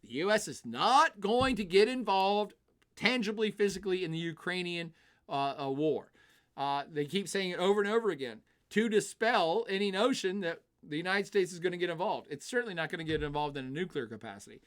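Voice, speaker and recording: Animated male streamer, fairly high voice. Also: a little fast. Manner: animated, acts out nations in quoted voices; chatty, reads viewer comments aloud. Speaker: streamer and geopolitics commentator. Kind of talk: live-streamed political commentary.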